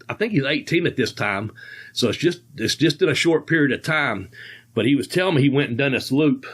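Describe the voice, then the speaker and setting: A man in his sixties hosts a podcast, telling stories in a rambling, folksy style with frequent chuckles. His voice is medium-pitched with a fairly bright tone.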